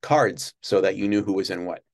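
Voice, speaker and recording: Male interview guest, low-pitched, casual, stumbling storyteller. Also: steady tone, gravelly. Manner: halting, many restarts and fillers. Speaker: guest, former studio page.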